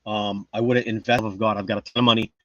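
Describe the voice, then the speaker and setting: A man's voice: on the low side, flat delivery, fast talker, pushed and bright, dry recording, muffled recording. A man chatting casually on a livestream, reading the chat and rambling in a boastful, joking way. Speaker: livestream host.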